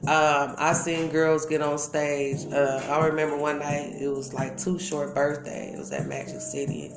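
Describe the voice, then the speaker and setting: A middle-aged woman from Milwaukee, Wisconsin, a former dancer, recounts stories in an interview with frank, slangy casual talk and many asides. Her low-pitched voice is flat and moderately paced, set against an echoey room and loud music.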